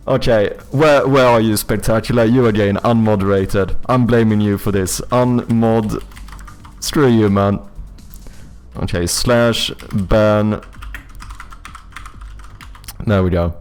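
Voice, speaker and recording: A man's voice: lowish voice, slow, long pauses, soft background music. A man, chatting casually with viewers on a live stream while playing a word game, thinking aloud and swearing freely.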